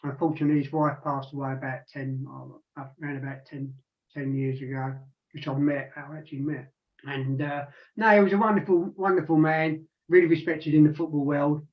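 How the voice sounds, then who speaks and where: A man's voice: on the high side, fairly even intonation, a little fast. A man in his sixties chatting casually on a radio show, rambling with lots of restarts and asides. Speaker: regular panelist. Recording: dull lo-fi sound.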